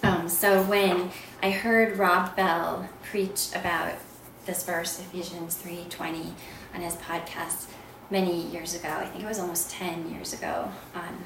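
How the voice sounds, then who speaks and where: A woman sharing a personal story of faith in an unhurried, soft voice that often trails into a whisper. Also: fairly low pitch, flat delivery. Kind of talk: personal testimony talk. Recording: echoey room, voice from far off, background noise.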